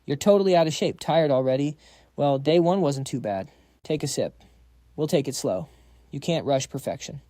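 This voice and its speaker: A man's voice: fairly high pitch, normal speed, mellow, no echo, clean studio sound, close to an everyday voice. A man reading as a sassy young female coach. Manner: sassy and teasing.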